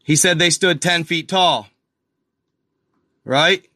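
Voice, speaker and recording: A man hosts a casual video, walking viewers through pictures with slow, unhurried talk. His voice is bright and a little high for a man, and the sound is dry and close. He keeps pointing things out in amazement and calling his audience y'all. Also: no echo. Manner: addresses viewers as y'all, excited and incredulous. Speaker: video host. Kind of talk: casual screen-share commentary.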